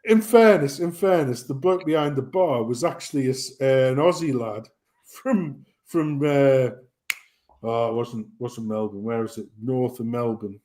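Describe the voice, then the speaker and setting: A man co-hosting a stream, telling a pub anecdote in a casual, animated way with frequent swearing and laughter. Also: mid-range voice, a little slow. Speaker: stream co-host. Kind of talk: casual storytelling.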